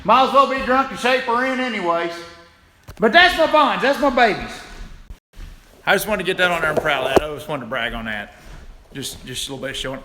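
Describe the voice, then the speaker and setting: A man's voice: high-pitched, expressive, fairly quick, background noise. A man chatting casually on a live stream, folksy and greeting viewers by name, talking into a handheld phone while walking around his yard. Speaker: livestreaming channel host. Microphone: phone held in hand.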